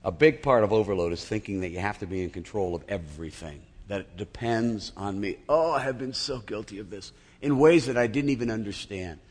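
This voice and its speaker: A man's voice: fairly low pitch, lively intonation, fairly quick, hardly any pauses, darkish tone, breathy edge, big-room sound. A male pastor preaching a sermon in a church, talking in a conversational, humorous storytelling manner.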